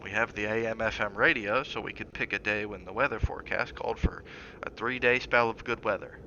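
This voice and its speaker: A man's voice: fairly low pitch, dull audio, a little hiss or hum. A man reading as a bitter sarcastic husband. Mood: measured. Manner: sarcastic, clipped, then measured and soft. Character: tense, bitter husband, sarcastic and short-tempered.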